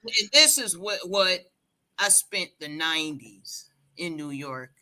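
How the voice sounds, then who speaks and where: Emphatic, bright-voiced woman hair educator. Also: fairly low pitch, expressive, measured pace. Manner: emphatic, insistent lecturing. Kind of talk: casual livestream chat.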